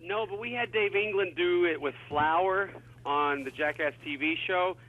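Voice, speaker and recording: A man calling in as a guest, answering questions in a relaxed, rambling way with lots of fillers. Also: sits high, a little slow. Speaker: guest on phone. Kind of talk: phone interview. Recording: tinny phone line.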